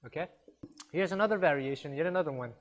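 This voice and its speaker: A man teaching a guitar workshop, counting beats and humming rhythms aloud to his students in a relaxed, encouraging way. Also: fairly high pitch, fast. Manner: relaxed, encouraging, self-deprecating. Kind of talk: instructional workshop talk. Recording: guitar music in the background. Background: guitar playing.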